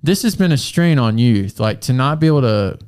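Man, podcast co-host, casual chat, slangy, relaxed, clear smooth voice. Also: mid-range voice, fairly quick. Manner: laid-back, chatty, slangy, laughs often. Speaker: podcast co-host and youth pastor.

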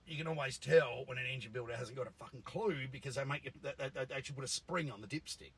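A man's voice: medium pitch, quick pace, fairly bright tone, slightly rough, poor audio. A man, a car tuner ranting bluntly and swearing in a casual monologue. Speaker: engine tuner.

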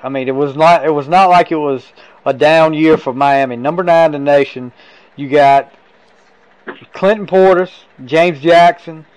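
A man's voice: fairly high pitch, moderate pace, a little mellow, smooth, no echo, highs cut off. A man hosting a sports talk interview, enthusiastic and affirming toward his guest. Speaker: sports talk show host.

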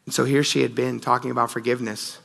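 Pastor guy giving a sunday sermon, bright clear voice, earnest storyteller, keeps saying you guys. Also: medium pitch, level tone, quick pace.

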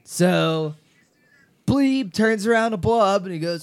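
A young man telling a crude locker-room story to friends on a podcast, laughing and shouting out the quoted lines. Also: sits high, unhurried. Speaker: podcast co-host. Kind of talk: casual storytelling among friends.

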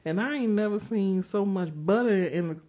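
A woman's voice: mid-range voice, normal speed. A woman co-hosting a comedy podcast, telling a story casually in slangy speech and often laughing as she goes. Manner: laughs through her stories, slangy and animated when quoting. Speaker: podcast co-host.

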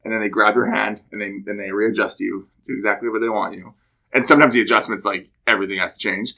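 A man's voice: fairly low pitch, quick pace, creaky. A man chatting casually about a training course, telling stories and acting out what others said. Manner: animated storytelling, acts out quoted speech. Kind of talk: casual podcast chat.

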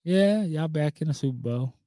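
A man's voice: fairly high pitch, lively intonation, moderate pace, dark tone, dry recording. A man hosting a sports podcast in casual chat, laid-back and ribbing his co-host.

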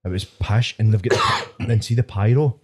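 Scottish podcast host guy, 20s, low mellow voice, swears a lot while he rambles. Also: brisk, dull audio. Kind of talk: casual chat.

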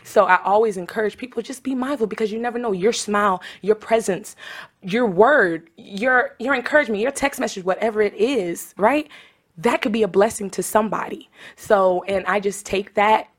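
A woman's voice: mid-range voice, moderate pace. A young woman being interviewed about the mentoring group she founded, talking passionately and getting emotional, with many fillers. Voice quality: trained singing voice. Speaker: guest, founder of a mentoring organization for teen girls. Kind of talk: casual interview chat.

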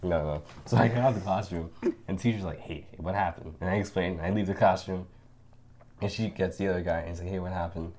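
A young man co-hosting a casual podcast, telling stories in an animated way, acting out quotes and laughing often. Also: low voice, fast talker, a little hiss or hum. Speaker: podcast co-host. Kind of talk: casual chat.

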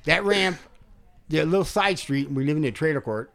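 A man's voice: a little high, lively intonation, normal speed, creaky, a bit bright. A man co-hosting a podcast, telling a rowdy, profane story in casual chat and laughing often. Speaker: podcast co-host.

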